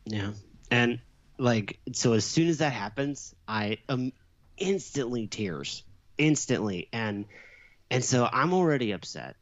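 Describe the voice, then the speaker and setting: A middle-aged man in a casual chat, an animated storyteller who also answers quickly as a listener. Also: mid-range voice. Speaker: podcast co-host. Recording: slightly dull, lo-fi sound.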